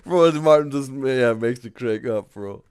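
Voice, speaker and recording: A man's voice: mid-range voice, expressive, unhurried, a crowd in the background. A man streaming a live reaction, laughing often, calling everyone bro and trailing off mid-sentence.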